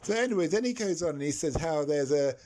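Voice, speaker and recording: A man's voice: a little high, lively intonation, fast talker, darkish tone. Man telling a rambling story. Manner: rambling, quotes others in his story, fillers. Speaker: guest storyteller. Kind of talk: casual spoken anecdote.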